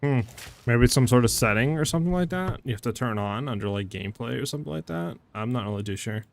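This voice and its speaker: Fast and expressive, a medium-pitched man with vocal fry chats casually with viewers while streaming a game, and there's a little hiss or hum in the audio. He rambles, gets restless easily, talks to chat by name, and uses "like" and "you know" constantly.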